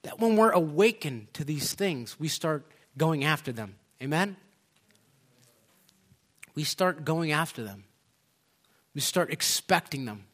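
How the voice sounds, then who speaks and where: A man's voice: fairly high pitch, expressive, measured pace, pauses often. Fervent man preaching a story sermon. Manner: conversational with fillers, building to loud fervent exclamations.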